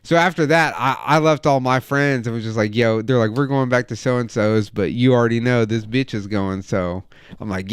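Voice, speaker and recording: A man's voice: medium pitch, moderate pace, clean tone, no room sound. A man in his thirties telling a wild, profane story in casual chat as a podcast host. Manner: profane, animated anecdote telling.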